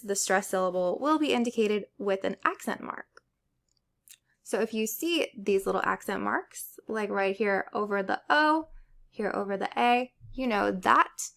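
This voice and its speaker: A woman teaching a Spanish pronunciation lesson, explaining stress rules slowly and saying example words as models. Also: fairly high pitch, vocal fry, fairly bright tone. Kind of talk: spoken language lesson.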